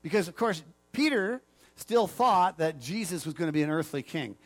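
A man's voice: a little high, lively intonation, moderate pace. A man pastor preaching a sermon in a conversational way, joking with the congregation.

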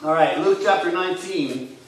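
A man preaching as a church pastor, earnest and rising loud when he retells scripture scenes. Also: high voice, moderate pace. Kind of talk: sermon. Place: church sanctuary. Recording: echoey church hall from far off.

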